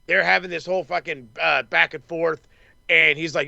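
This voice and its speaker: A man's voice: a little high, a little fast, gravelly, dry recording. A man hosting a casual wrestling recap chat, swearing freely and acting out what people said. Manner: profane, excitable, acts out quotes. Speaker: wrestling podcast host.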